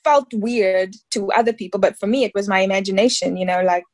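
A woman's voice: mid-range voice, brisk. A woman in her thirties from South Africa, an actress talking casually in an interview, rambling and full of fillers. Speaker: actress guest.

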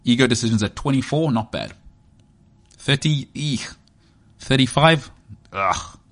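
This sports podcast host, a man in his thirties with a South African accent, jokes and mocks himself in a meandering monologue. He speaks at normal speed in a mid-range, fairly bright voice.

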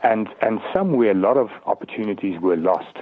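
Man in his thirties, low husky voice, tinny phone line, earnest, repeats words. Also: lively intonation, brisk. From South Africa. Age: 30s. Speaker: politician, guest. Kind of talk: call-in debate on radio.

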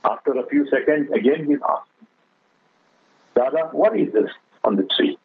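Man, husky voice, earnest religious exhortation, heard through a tinny phone line. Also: a little high, animated, moderate pace, no echo. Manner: earnest, exhorting, addresses the other speaker as Maulana; tells a moral story with quoted dialogue. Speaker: Islamic speaker on a radio talk show. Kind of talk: religious radio talk.

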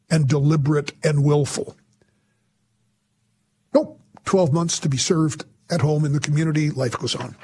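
A man hosting a talk radio show, giving emphatic, sarcastic commentary with sudden jumps in pitch. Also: husky.

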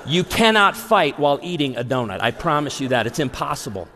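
A pastor in his forties preaching a humorous, story-driven sermon to a live audience, animated and acting out dialogue. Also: a little high, brisk. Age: 40s. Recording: long hall reverb.

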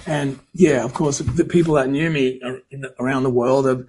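In a relaxed interview, an American singer-songwriter in middle age tells meandering stories, frequently revising himself and performing what others said. He speaks briskly at a medium pitch with fairly even intonation and a slightly mellow tone. The rough recording carries a bit of hiss or hum.

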